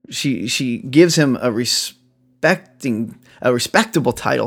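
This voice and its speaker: Animated male preacher. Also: mid-range voice, slow pace, breathy edge. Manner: animated, chuckling, retelling dialogue in character. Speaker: pastor. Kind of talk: sermon.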